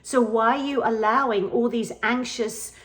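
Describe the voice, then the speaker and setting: A woman's voice: a little high, steady tone, moderate pace. A middle-aged woman vlogger telling an earnest personal story in a casual, emphatic way, repeating phrases for emphasis. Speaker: spiritual vlogger.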